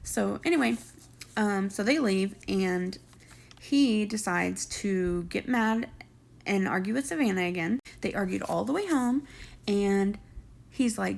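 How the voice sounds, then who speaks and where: A woman's voice: medium pitch, measured pace, gravelly. A woman, casually recapping a reality show, chatty and sarcastic, acting out what people said. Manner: chatty, sarcastic, acts out quotes.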